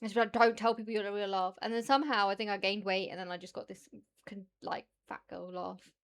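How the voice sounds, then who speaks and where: A woman's voice: mid-range voice, fairly even intonation, quick pace, clear, resonant tone. A British woman streamer chatting casually and rambling, laughing often as she reacts to her chat.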